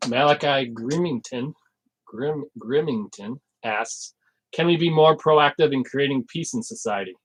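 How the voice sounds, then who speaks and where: A man with an ordinary mid-range voice co-hosts a live stream. He reads viewer questions and reminders in a plain, relaxed way. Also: mid-range voice, unhurried, rough recording. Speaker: co-host reading viewer questions.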